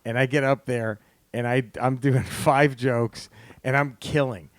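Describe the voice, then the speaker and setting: A man from Texas, a comedian and podcast host, telling a story in casual chat, animated and swearing, laughing through it. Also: medium pitch, a little slow, no echo, studio quality.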